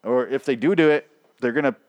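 A man's voice: medium pitch, quick pace, a little mellow, dry recording. A man giving a casual, profane episode recap, rambling and sarcastic, acting out the scenes as he goes. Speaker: TV show recapper.

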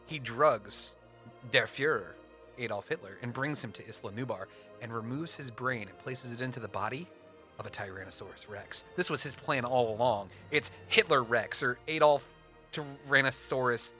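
A young man co-hosting a casual podcast, animated and playful, building up dramatic fan crossover stories. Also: medium pitch, moderate pace, soft background music. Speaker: podcast co-host.

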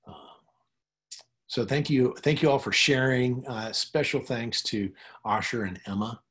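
A man's voice: mid-range voice, measured pace, a bit bright. A middle-aged male pastor preaching, breaking into effusive, enthusiastic praise as members share. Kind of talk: sermon with congregation sharing.

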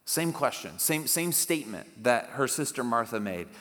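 A man's voice: medium pitch, very animated, moderate pace, fairly bright tone. A man pastor giving a conversational sermon, reading scripture aloud with dramatic emphasis. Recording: long hall reverb.

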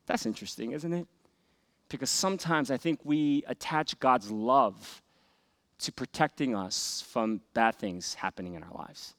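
A man preaching a sermon as a pastor, earnest, rising for emphatic scripture readings and dropping to soft, hushed asides. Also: mid-range voice, a little slow.

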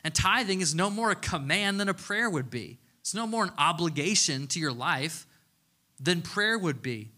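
Pastor guy in his 30s doing a laid-back sermon, bright forceful voice, pitched a bit high, jokey storyteller. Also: expressive, moderate pace. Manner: casual, chatty storytelling with playful humor. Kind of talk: conversational sermon.

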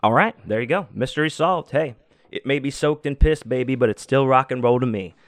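A man's voice: mid-range voice, fairly quick, dry recording, faint music behind. A man hosting a podcast, telling a story in a casual, profane, laid-back way and laughing often. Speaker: podcast host.

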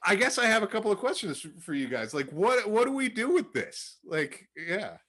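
A young man casually retelling a Bible story to a group, acting out the quotes with animated jumps in his voice. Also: moderate pace. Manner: animated storytelling, acts out quotes with rising pitch. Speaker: Bible study leader.

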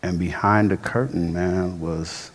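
A pastor tells a story from the pulpit in a loose, slangy, animated way. His voice sits very low with a husky edge, and it rings through a reverberant church hall. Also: measured pace. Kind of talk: sermon storytelling.

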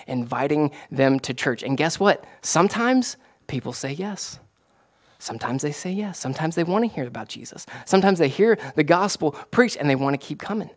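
A man, a pastor, preaching a casual, conversational sermon that rises to excited emphasis. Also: mid-range voice. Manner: animated, rising to excited emphasis.

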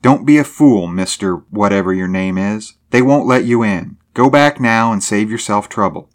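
A man voicing a headstrong young woman who speaks in a brisk, curt, commanding way. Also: fairly low pitch, animated, voice pushed up, lightly acted. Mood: scornful.

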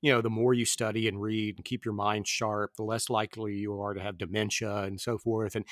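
A man's voice: on the low side, flat delivery, a little fast, fairly bright tone, no room sound, studio quality. A man in his fifties hosting a podcast, chatting casually about films in a rambling way. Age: 50s. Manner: rambling, with many fillers and restarts. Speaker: podcast host. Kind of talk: casual film discussion.

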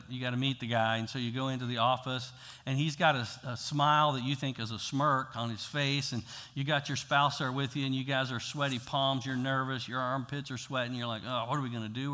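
A pastor preaching a sermon in a casual, talky way, swinging from loud to hushed. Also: male voice, mid-range voice. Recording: long hall reverb.

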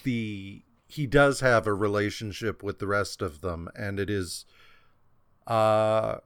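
A man hosting a comics podcast, talking slowly in a rambling way and reading out issue credits. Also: fairly low pitch, fairly bright tone, clear, resonant tone, no echo. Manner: slow and rambling, with fillers and restarts. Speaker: podcast host. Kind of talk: casual chat.

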